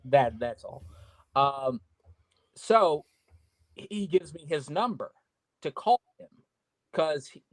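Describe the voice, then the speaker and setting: A man tells a story from the road in loose, chatty talk. He swears freely and trips over his own restarts. His voice sits a little high and sounds dry and close. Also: dry recording, poor audio. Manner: profane, rambling storyteller with many restarts. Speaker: guest wrestler. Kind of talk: casual storytelling. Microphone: remote call mic with audio trouble.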